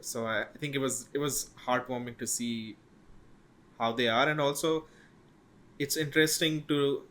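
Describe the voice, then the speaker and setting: A man co-hosting a podcast, giving his film opinions in a relaxed, slightly halting way. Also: medium pitch. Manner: relaxed, thoughtful, a little halting. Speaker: podcast co-host. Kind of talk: casual film discussion.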